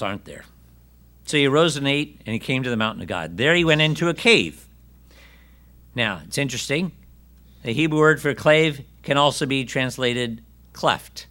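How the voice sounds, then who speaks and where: A man delivering a sermon in a bright, forceful voice. He reads scripture aloud and acts out the voices in it. He turns often to his listeners with questions. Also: medium pitch. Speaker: preacher.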